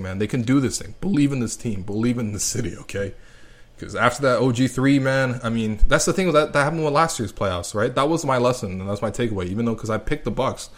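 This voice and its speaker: A young man from Canada hosting a solo sports podcast, talking in a sarcastic, rambling and excitable way. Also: on the low side. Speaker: podcast host.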